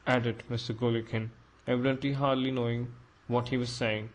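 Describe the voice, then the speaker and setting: A man narrating an audiobook in a measured, even reading. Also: medium pitch, poor audio.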